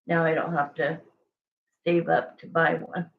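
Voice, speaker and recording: A woman's voice: deep voice, flat delivery, measured pace, gravelly, narrow, tinny audio. A woman doing a casual livestream tarot reading, chatty and rambling, often stopping to correct herself while answering viewers. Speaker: tarot reader.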